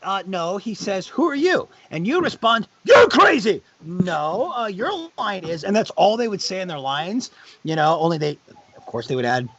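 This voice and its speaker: A middle-aged man telling animated backstage anecdotes in casual chat, bursting into loud high quoted lines. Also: normal speed. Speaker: guest on a charity live stream. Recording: dull lo-fi stream audio.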